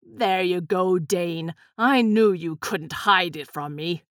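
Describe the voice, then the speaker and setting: A woman's voice: medium pitch, animated, slow pace, a bit bright, no echo, clean studio sound. Woman doing a cold sneering male villain. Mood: gloating. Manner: sneering, menacing. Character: cold scheming male villain, grown man.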